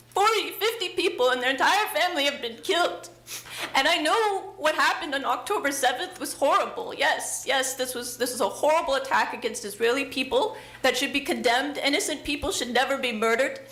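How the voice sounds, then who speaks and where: A woman's voice: sits high, sharp tone. A woman giving an earnest, emotional public comment at a city council meeting, with hesitant fillers. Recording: echoey council chamber.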